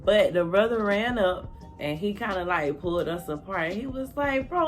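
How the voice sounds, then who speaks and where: A woman telling a storytime vlog in a casual, animated way, cussing freely, talking straight to viewers and acting out quotes in high, loud bursts. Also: moderate pace, soft background music. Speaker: storytelling vlogger.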